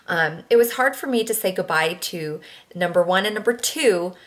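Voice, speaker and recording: A woman's voice: on the low side, animated, normal speed. Chatty young woman rambling to camera. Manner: chatty and rambling, many fillers and restarts. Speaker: vlogger. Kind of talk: casual chat to camera.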